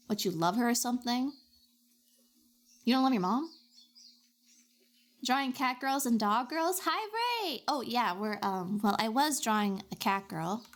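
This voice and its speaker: A woman with a slightly high voice streams while drawing, chatting casually with her chat and reacting in a dramatic, expressive way.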